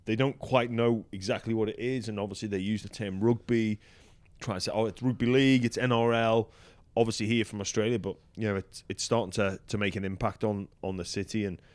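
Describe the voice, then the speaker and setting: A man's voice: lowish voice, steady tone, a little fast, a little mellow, dry recording. A man hosting a podcast in casual chat, joking and swearing loosely as he talks. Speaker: podcast host. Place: hotel in Las Vegas.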